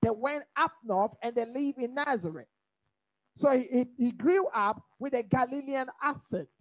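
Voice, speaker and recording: A woman teaching a Bible study in preaching style, lively and humorous, asking the listeners to fill in her words. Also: high voice, moderate pace, low-quality recording. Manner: rhetorical call-and-response questions; lively, humorous, mimics accents.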